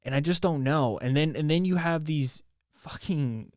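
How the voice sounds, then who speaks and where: A man from the United States hosting a solo podcast from home, talking in a halting, emotional way and swearing often, with many restarts. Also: a little high, dry recording, studio quality. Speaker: podcast host. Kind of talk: casual solo podcast monologue. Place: at home, near his bed.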